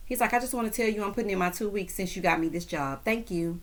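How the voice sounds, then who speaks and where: A woman's voice: medium pitch, fast talker, few pauses. A woman recapping a TV episode in a sassy, chatty way, laughing often and talking straight to her viewers. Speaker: TV recap host.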